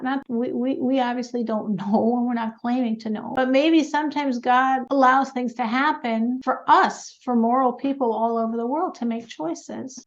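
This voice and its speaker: A woman's voice: fairly high pitch, lo-fi sound. Emphatic woman teaching over a call. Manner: earnest, emphatic, repeats key words. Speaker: class teacher leading a group call. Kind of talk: spiritual class discussion.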